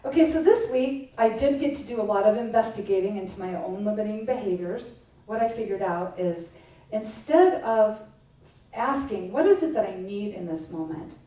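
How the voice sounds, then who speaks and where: A woman's voice: mid-range voice, animated, moderate pace, mellow. A middle-aged woman minister giving a casual, conversational sermon, chatty and self-mocking, acting out bits of everyday talk. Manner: chatty and self-mocking, with playful acted-out quotes. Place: church sanctuary. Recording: echoey hall, voice from a distance.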